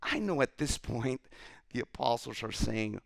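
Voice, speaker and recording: Gravelly preacher telling a story. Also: male voice, medium pitch, a little slow, dry recording. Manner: animated storytelling, acts out scripture. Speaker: pastor. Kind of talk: sermon.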